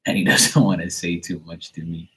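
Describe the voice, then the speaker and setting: Husky low-voiced guy doing a psychic reading, rambles a lot, says like constantly. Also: level tone, normal speed, fairly bright tone, poor audio. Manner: rambling, filler-heavy, casual swearing. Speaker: psychic reader.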